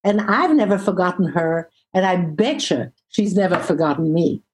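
A woman, a relationship therapist, telling a story as an interview guest, expressive and slowing down for emphasis. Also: fairly low pitch, husky, low-quality recording.

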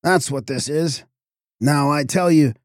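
A man voicing an irritable, blustering village constable who speaks gruffly and accusingly. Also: a little high, measured pace, no room sound, studio quality, voice pushed up, natural voice. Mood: scornful. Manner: gruff, accusing, rough speech.

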